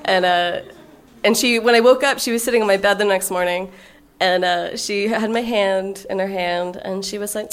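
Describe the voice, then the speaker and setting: A woman's voice: mid-range voice, steady tone, moderate pace. A woman in her forties telling a personal story as a podcast guest, frank and profane and laughing often. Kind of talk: candid conversational storytelling.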